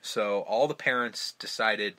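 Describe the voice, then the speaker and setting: A man's voice: fairly low pitch, unhurried, sharp tone. A man hosting a casual film podcast, retelling movie scenes with lots of swearing. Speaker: podcast host.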